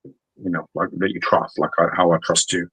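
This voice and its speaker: A man's voice: low-pitched, flat delivery, moderate pace, fairly bright tone, husky, no room sound, lo-fi sound. A British man co-hosting a podcast, chatting casually with swearing-laden banter. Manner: profane, rambling banter. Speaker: podcast co-host. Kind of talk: casual chat.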